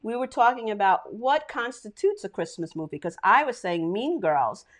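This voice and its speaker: A woman's voice: mid-range voice, expressive, normal speed. Chatty woman co-hosting a podcast. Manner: chatty, reads out listener comments. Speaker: podcast co-host. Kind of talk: casual chat.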